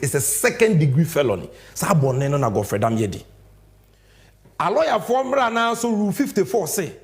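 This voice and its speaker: Young Ghanaian male commentator, high and lively voice, emphatic and combative on-air delivery. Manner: animated, emphatic, switching between English and Twi. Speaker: political commentator. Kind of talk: fiery political commentary.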